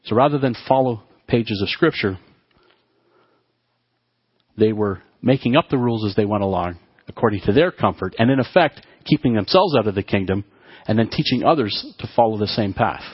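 A man preaching a sermon to his congregation, often halting and restarting his words as he talks. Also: fairly low pitch, expressive, slightly rough, dry recording, dull audio. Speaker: pastor.

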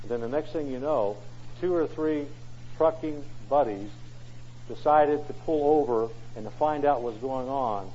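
A man's voice: mid-range voice, a little slow, warm tone, slight background noise. A man preaching a sermon in an emphatic way, often asking rhetorical questions. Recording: dull lo-fi recording.

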